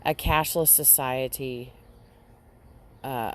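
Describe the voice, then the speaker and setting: A woman vlogger casually recounting a dream to her audience, halting often and restarting her sentences. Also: sits low, expressive, a little hiss or hum. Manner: halting, with frequent restarts and fillers. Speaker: Christian vlogger.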